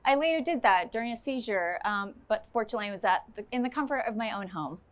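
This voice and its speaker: A woman's voice: on the high side, expressive, fast talker. Candid woman telling her story on stage. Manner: candid, self-deprecating humor. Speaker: stage speaker sharing a personal story. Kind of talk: storytelling talk with audience Q&A. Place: event stage before a live audience.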